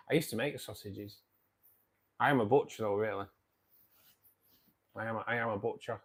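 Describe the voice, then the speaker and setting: British male stream host, low and gravelly, easygoing banter with viewers. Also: normal speed, a bit bright. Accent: British English. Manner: chatty and matey, swears casually, chuckles often. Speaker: live-stream host reading viewer comments. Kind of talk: casual live-stream chat.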